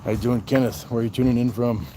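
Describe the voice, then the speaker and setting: A man hosting a casual livestream on a night walk, greeting viewers by name and answering their comments in a relaxed way. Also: medium pitch, fast, a little hiss or hum. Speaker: livestream host.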